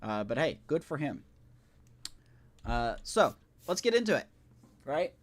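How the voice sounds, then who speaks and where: A man's voice: medium pitch, big pitch swings, a little slow. A man streaming a video game live, talking casually in a rambling, self-correcting way and chatting with his viewers.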